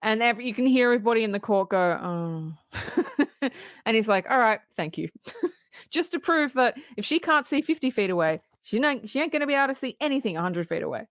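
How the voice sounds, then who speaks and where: A woman co-hosting a podcast, casually recapping a film in animated detail, acting out the characters' lines and swearing freely. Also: a little high, brisk, dry recording, studio quality. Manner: animated storytelling, acting out quoted lines, frequent laughs and swearing. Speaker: podcast co-host.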